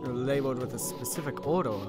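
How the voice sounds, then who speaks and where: A woman's voice: very deep voice, fast talker. A young woman hosting a let's play, joking and sarcastic as she comments on the game. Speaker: host. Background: game music.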